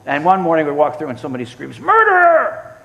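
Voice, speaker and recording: A man's voice: on the high side, very fast, gravelly, muffled recording. A man answering audience questions at a synagogue award event, telling stories in a loose conversational way with many restarts and acted-out quotes. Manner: animated storyteller, acts out quotes, frequent restarts. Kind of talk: conversational Q&A talk. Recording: reverberant hall.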